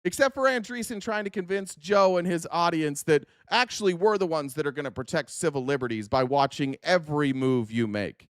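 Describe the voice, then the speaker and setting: A man's voice: fairly high pitch, brisk, few pauses, no room sound, studio quality. A man hosting a podcast, ranting angrily at clips he is reacting to, swearing and insulting often. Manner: angry, profane, insulting. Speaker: podcast host. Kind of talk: profane political rant reacting to clips.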